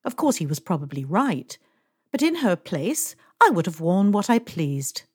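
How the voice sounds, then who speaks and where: A woman's voice: lowish voice, big pitch swings, normal speed, breathy edge, dry recording, clean studio sound. A woman reading aloud, voicing a languid, fussy wealthy middle-aged lady who complains and gives orders to her employee. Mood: languid, complaining. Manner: languid and complaining, a little imperious.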